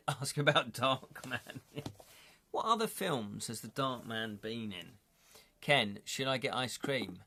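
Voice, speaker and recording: Jokey man, bright voice. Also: mid-range voice, a little hiss or hum. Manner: chatty, jokey, talks to chat, laughs often. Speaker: livestream host reading a gamebook. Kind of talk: casual live-stream chat and reading.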